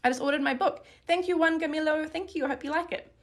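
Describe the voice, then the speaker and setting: High-voiced woman teaching Korean grammar. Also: fast talker. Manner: friendly, explains step by step, thanks viewers by name. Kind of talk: live-streamed grammar lesson.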